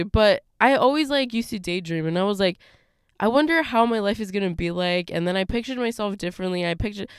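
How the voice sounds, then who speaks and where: A woman's voice: a little high, a bit bright, smooth, dry recording, studio quality. Casual young woman podcaster, rambling. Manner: rambling, lots of "like" and "you know". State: slightly scratchy throat. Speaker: podcast host. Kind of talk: casual solo podcast monologue.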